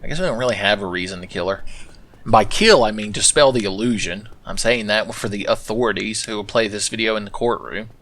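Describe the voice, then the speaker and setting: A man's voice: on the low side, a little fast, fairly bright tone. A man commentating his own gameplay with sarcastic, profane, rambling asides. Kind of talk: let's play commentary.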